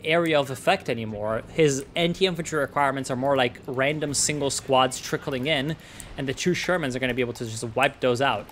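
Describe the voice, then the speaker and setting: A man gives casual, excitable commentary on a strategy game, his voice bright and a touch high. He rants and swears at the players. A faint hiss of noise sits under the recording. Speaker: game caster.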